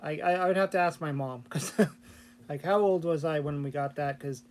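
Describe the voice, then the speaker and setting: A man's voice: on the high side, moderate pace, a little hiss or hum. A man chatting casually on his channel about programming old console games, rambling with lots of fillers and restarts. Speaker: vlogger and hobby game programmer. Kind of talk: casual chat.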